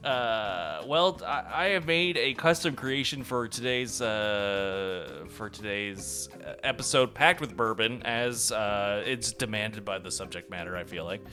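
Male podcast co-host, bright lively voice, quick to laugh, faint music underneath. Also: lowish voice. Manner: laughs often, animated and joking. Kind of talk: casual chat.

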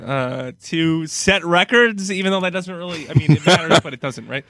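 A middle-aged man with a slightly high voice, talking sports in a loose, rambling way and laughing between his complaints. The sound is dry and close, with no room echo. He keeps coming back to how frustrated he is. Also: normal speed, fairly bright tone. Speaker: sports podcast co-host. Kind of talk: casual sports chat.

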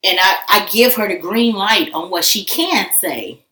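A woman's voice: mid-range voice, animated, unhurried, pushed and bright, recorded from a distance, slight background noise. A woman talking candidly and emphatically about her past in a loose, casual way. Her voice sits a little back from the microphone. The room around her is echoey. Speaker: guest. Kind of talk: candid personal conversation. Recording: echoey room, voice a bit off-mic.

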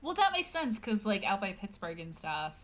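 A woman's voice: mid-range voice, big pitch swings, normal speed, crowd noise. A woman hosting a podcast in casual chat, giggly and rambling. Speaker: podcast host.

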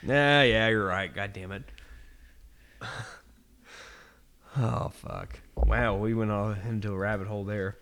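A man's voice: on the low side, takes it slowly, pauses often, a bit bright. A man co-hosting a casual podcast, rambling enthusiastically and swearing a lot. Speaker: podcast co-host. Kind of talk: casual chat.

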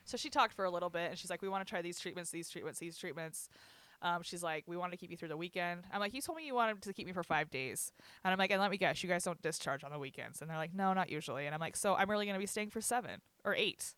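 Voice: medium pitch, lively intonation, racing, hardly any pauses, a bit bright, smooth, no room sound. A young adult telling a personal story in casual chat, candid and profane, laughing often and quoting others. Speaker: guest recounting a hospital stay.

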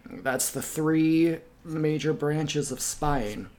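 A man co-hosting a podcast, chatting casually about a TV episode and throwing in deadpan jokes. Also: on the high side, extremely slow, a crowd in the background. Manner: deadpan jokey asides. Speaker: podcast co-host. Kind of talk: casual chat recapping a TV episode.

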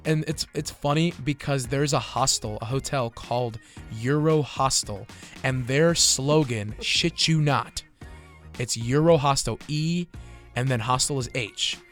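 A young man co-hosting a relaxed podcast, rambling through a travel story with a mid-range voice and easy laughter. He swears casually and talks in loose, chatty bursts. Faint music sits behind him. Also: mid-range voice, unhurried. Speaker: podcast co-host. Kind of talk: casual chat.

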